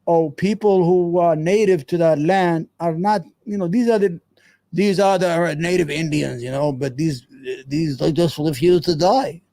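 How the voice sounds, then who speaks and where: A man's voice: a little high, unhurried, warm tone, no echo. A man, hosting a casual commentary show and reacting to clips, blunt, profane and digressive.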